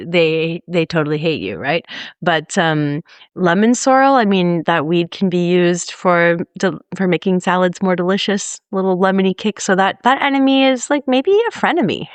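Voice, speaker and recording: A woman cohosts a gardening podcast, talking in a relaxed, thoughtful way with plenty of ums. Her voice sits a little low. The recording is dry. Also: dry recording. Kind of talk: casual chat.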